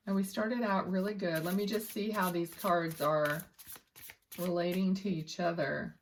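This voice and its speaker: A woman reading tarot as a psychic medium in a casual, rambling way. She often searches for words and restarts, and murmurs softly to spirit between cards. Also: lowish voice, steady tone, measured pace, slight background noise.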